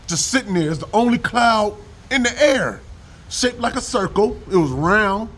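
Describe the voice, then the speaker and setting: A man's voice: high-pitched, lively intonation, normal speed, fairly bright tone, poor audio. A man giving a rambling, profane religious rant to camera, mixing slang with scripture readings. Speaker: vlogger preaching on scripture.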